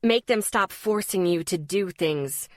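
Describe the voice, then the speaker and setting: A woman's voice: on the low side, a little slow, no echo, clean studio sound, close to an everyday voice. A woman reading the lines of a possessive, menacing young man who growls over the phone.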